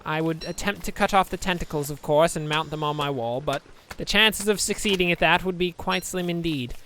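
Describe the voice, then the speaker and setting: Speaking somewhat high, fairly quick, bright and forceful, a man chats to viewers during a let's-play, rambling, cracking jokes and poking fun at himself. Slight background noise sits under the gameplay commentary.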